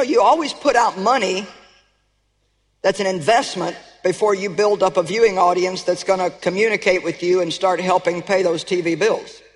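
A woman preaching a sermon in an emphatic style, rallying the congregation with call-outs. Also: medium pitch. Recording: echoey hall with long reverb.

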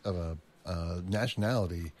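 A man with a somewhat low voice talks in casual podcast chat. His speech is hesitant, with plenty of fillers and stops before he finds his point. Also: darkish tone, slight background noise. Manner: hesitant, halting with many fillers.

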